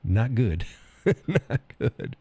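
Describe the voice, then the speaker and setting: Middle-aged man, Oklahoma accent, teasing stream host; dark, dry sound. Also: on the low side, wildly swooping pitch, extremely slow, gravelly, slightly rough, dry recording. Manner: laughs often, teasing and blunt. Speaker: live stream host reading chat. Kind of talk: casual chat.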